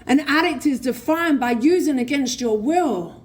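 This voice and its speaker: A woman's voice: sits high, moderate pace. Blunt, swearing London woman. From England. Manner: blunt, swearing, animated storytelling. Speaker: recovery speaker. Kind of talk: recovery share at a convention. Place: convention hall stage. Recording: faint room noise at a convention.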